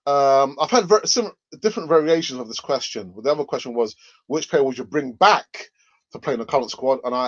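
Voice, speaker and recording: Hosting a live fan-channel stream, a man reads viewer comments aloud in a rambling, hesitant way, often restarting and chuckling. His voice is mid-range, and the audio is dull with no room sound.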